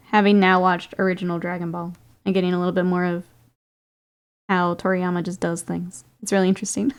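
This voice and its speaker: A woman's voice: mid-range voice, darkish tone, clear, resonant tone. A woman streaming while painting miniatures, chatting casually with viewers, reading their comments and laughing often. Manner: chatty, laughs often, reads and answers chat.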